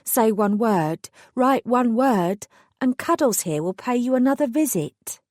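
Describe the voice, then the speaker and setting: A woman voicing a cruel fairy godmother who coos and taunts with calm menace in an audiobook. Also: a little high, a little slow, no echo, studio quality, pitched above the performer's own voice. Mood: mocking. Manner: cooing, teasing, calm menace. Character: coolly cruel female fairy godmother, mocking.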